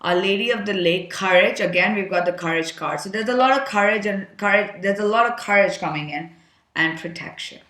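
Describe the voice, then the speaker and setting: A woman's voice: mid-range voice, a little fast, fairly bright tone, roomy sound, a little hiss or hum. A woman giving a casual tarot reading, chatty and frank, thinking aloud with many fillers and an occasional curse. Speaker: tarot card reader.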